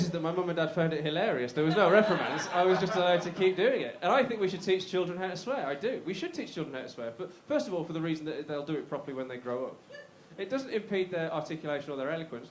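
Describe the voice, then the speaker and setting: Fast-talking Black Country comedian. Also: male voice, on the high side, expressive, slight background noise. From Black Country, West Midlands, England. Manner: chatty and self-mocking, bantering with the crowd. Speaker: stand-up comedian. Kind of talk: live stand-up routine. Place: comedy club stage. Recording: roomy live club sound.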